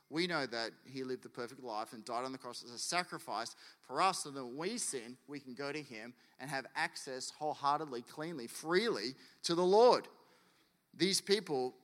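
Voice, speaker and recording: A man's voice: fairly high pitch, a bit bright, big-room sound. A man preaching a sermon as pastor, in a casual, conversational way that acts out quotes.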